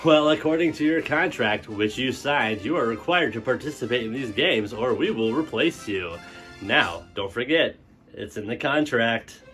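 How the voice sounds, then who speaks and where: A man's voice: mid-range voice, expressive, normal speed, a bit bright, soft background music, natural voice. A man playing a smug game show host who mocks and exploits his contestants in a showman's announcing manner.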